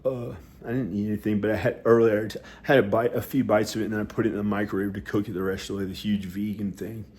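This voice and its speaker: A man talking at home in a rambling personal monologue, hesitant and halting, with many restarts and fillers. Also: lowish voice, flat delivery, darkish tone. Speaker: vlogger. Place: inside his house.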